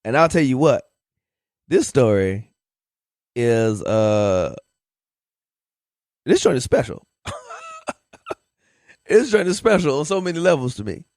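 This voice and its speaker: Wisecracking man with a lively voice. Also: medium pitch, takes it slowly, pauses often, no echo, clean studio sound. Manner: wisecracking, interjecting, profane. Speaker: podcast co-host. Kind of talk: casual podcast chat.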